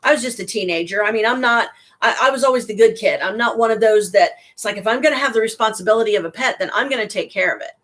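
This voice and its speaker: A woman's voice: fairly high pitch, fast, few pauses, a bit bright. Rambling, heartfelt woman telling stories. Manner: rambling and heartfelt, frequent restarts and asides. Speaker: storyteller addressing a listener. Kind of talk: casual personal storytelling.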